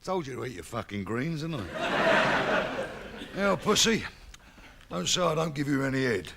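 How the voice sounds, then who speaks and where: A man's voice: mid-range voice, very animated, unhurried, vocal fry, very noisy. A Cockney man doing crude, boisterous stand-up, laughing at his own jokes. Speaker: stand-up comedian. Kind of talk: bawdy stand-up joke telling.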